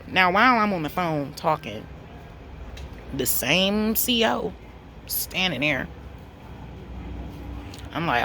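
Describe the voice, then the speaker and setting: A woman, telling a story to camera in a blunt, profane, animated way. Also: low voice, normal speed, long pauses, a little hiss or hum. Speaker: vlogger.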